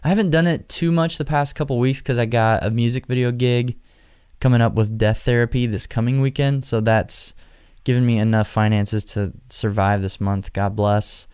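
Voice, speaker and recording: A man's voice: medium pitch, steady tone, moderate pace, darkish tone, smooth, no echo, studio quality. A young man from Nebraska hosting his podcast alone, chatting casually in a rambling, jokey, self-deprecating way. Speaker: podcast host. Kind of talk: casual solo podcast chat.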